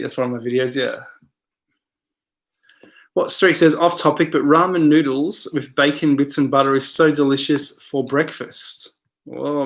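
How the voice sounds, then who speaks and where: A man's voice: a little high, a bit bright. A man hosting a casual live stream, reading viewer comments aloud and rambling with many hesitations.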